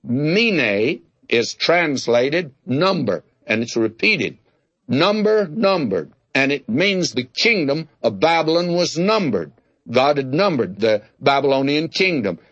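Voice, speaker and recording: A man's voice: fairly high pitch, big pitch swings, slow, a bit bright, no room sound, highs cut off. An older man giving a folksy, conversational Bible teaching, drawing out key words for emphasis and telling humorous anecdotes.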